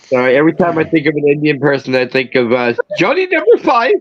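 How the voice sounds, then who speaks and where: A man's voice: medium pitch, fairly even intonation, no echo. Wisecracking man, dry lo-fi sound. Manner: quick, wisecracking interjections. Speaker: podcast co-host, film reviewer. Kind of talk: casual chat.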